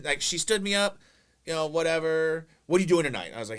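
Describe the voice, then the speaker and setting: A man's voice: on the high side, animated, fast, a bit bright, clean tone. A man co-hosting a podcast, telling a story in casual chat, acting out quotes and swearing freely. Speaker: podcast co-host.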